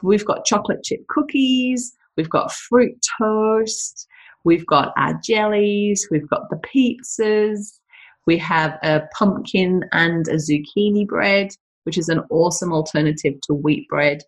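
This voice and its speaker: A woman's voice: fairly low pitch, measured pace, low-quality recording. A woman business owner talking chattily from her home kitchen, full of asides and laughs. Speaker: business owner and health coach. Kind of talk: casual chat to camera.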